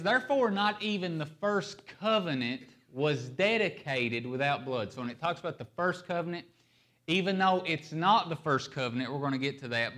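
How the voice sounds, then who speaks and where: A man preaching a sermon, stressing key words and shifting his pace and loudness for emphasis. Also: medium pitch. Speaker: pastor.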